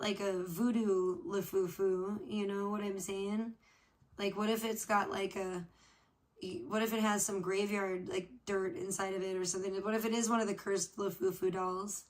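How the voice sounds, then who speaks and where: Off camera and unseen, a female livestream host chats casually with her viewers at a normal speed. Her medium-pitched voice stays fairly even as she rambles, curses without restraint, and lets sentences fade out with "I don't know."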